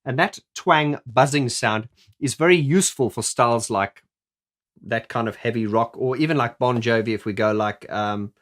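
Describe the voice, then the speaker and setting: A man's voice: medium pitch, moderate pace, fairly bright tone. A middle-aged man explaining singing technique as a vocal coach in a chatty video, often stumbling over restarts.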